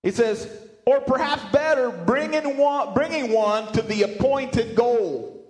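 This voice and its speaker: A male pastor preaching a sermon, animated, often restarting words and asking his congregation questions. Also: extremely high pitch, slow pace, echoey room. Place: church sanctuary with speakers.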